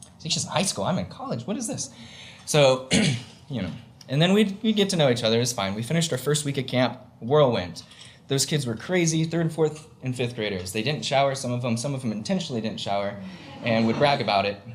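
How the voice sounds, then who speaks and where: A man's voice: mid-range voice, expressive, brisk. A young man from the US, telling a comic story on stage before a live audience, chatty and full of fillers, laughing along as he talks. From Southern United States.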